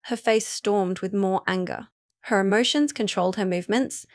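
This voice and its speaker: A woman reads a first-person romance story aloud as an audiobook. Her voice sits at a middle pitch, and her delivery is even and unhurried. The recording is dry and close, with almost no room sound. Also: no room sound. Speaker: narrator.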